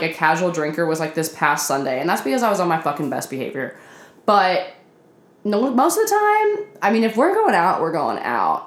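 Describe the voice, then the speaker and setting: A woman's voice: mid-range voice, reverberant. Tired, foul-mouthed woman in her twenties. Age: 20s. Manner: profane, self-deprecating, laughs often. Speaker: vlogger. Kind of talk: casual confessional rant. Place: apartment.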